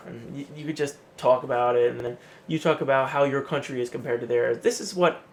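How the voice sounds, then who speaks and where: Gravelly-voiced man chatting casually. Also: medium pitch, brisk, a little hiss or hum. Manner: chatty, acts out quotes in an animated way. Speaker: vlogger. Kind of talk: casual vlog talk.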